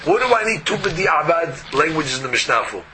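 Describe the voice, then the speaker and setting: Male Talmud teacher, lively swooping delivery, debating himself with rhetorical questions. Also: a little high, moderate pace, background noise. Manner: argues both sides with rhetorical questions. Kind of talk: animated Talmud class.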